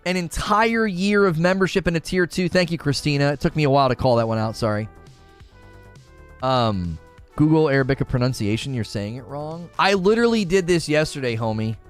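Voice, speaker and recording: A man's voice: on the high side, lively intonation, a little fast, soft background music. Casual man chatting on stream. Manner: rambling, reads chat aloud, many restarts. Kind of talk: casual live-stream chat.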